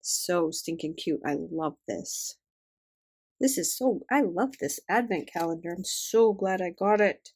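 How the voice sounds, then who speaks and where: An older woman chatting quietly and fondly as she unboxes stickers and tape, keeping her voice down. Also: on the low side, measured pace, breathy edge. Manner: hushed, gushing, fond. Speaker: vlogger. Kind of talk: casual unboxing chat.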